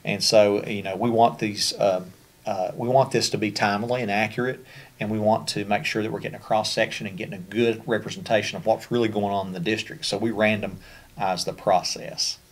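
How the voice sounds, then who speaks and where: A man's voice: lowish voice, level tone, a little fast. A man with a Kentucky accent presenting a special education training over slides, in a conversational way with frequent fillers and restarts.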